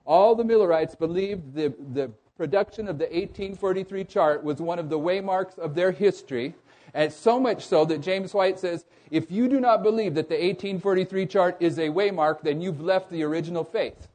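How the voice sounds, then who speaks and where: Questioning male preacher, higher voice. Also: normal speed, a little mellow. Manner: asks the audience rhetorical questions; stumbles and restarts mid-phrase. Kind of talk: sermon.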